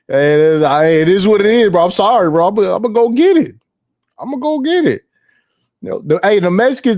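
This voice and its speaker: Slangy, laughing casual commentator. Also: male voice, a little high, darkish tone, no echo, clean studio sound. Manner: slangy, laughing, rambling, profane. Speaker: commentary streamer.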